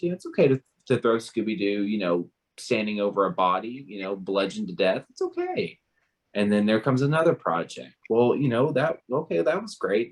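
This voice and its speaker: Passionate young man ranting. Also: fairly low pitch. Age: 20s. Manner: passionate, emphatic, repetitive restarts. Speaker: panel co-host. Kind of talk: casual panel discussion.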